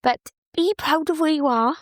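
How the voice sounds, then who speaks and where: A woman's voice: high-pitched, moderate pace, dry recording, studio quality. A young woman hosting a motivational podcast, chatty and encouraging, cheering her listeners on. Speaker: podcast host.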